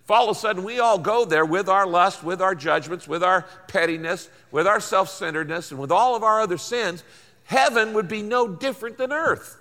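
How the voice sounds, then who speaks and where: Older male pastor, bright voice, folksy sermon delivery. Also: high-pitched, fairly quick, long reverb tail. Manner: folksy storytelling, emphatic repetition.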